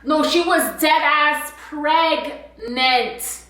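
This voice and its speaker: A young woman telling a story in a casual, animated way, full of slang and swearing. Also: high voice, drawn-out words. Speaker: vlogger. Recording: echoey room, a bit far from the mic.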